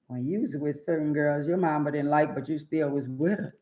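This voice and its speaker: A woman's voice: low voice, steady tone, fairly quick. A woman hosting a live stream, bluntly and profanely lecturing her viewers and repeating words for emphasis. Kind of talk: preachy live-stream rant. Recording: echoey room, dull lo-fi sound.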